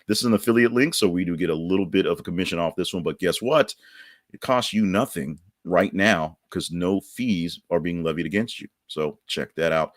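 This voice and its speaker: A man's voice: sits low, normal speed, dry recording, clean studio sound. A man hosting a podcast, chatting loosely through news stories and an ad read with many fillers and restarts. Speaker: podcast host. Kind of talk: casual news chat with ad reads.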